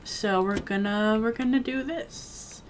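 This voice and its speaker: A gaming video creator, a woman with a somewhat high voice, speaks slowly as she plays a video game. Her commentary is casual and rambling, aimed at herself and the on-screen characters, and it bursts into playful, jokey moments of mock bossiness.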